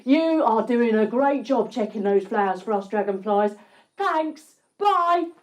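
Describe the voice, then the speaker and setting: A woman's voice: fairly high pitch, expressive, a little slow. A woman voicing a friendly dragonfly in a children's yoga story, with a breezy manner.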